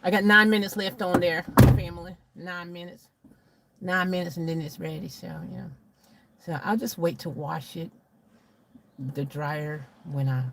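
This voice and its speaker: A woman's voice: sits low, slight background noise. Teasing woman chatting on a live stream. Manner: chatty, teasing, laughs often. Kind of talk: casual live-stream chat, reading comments.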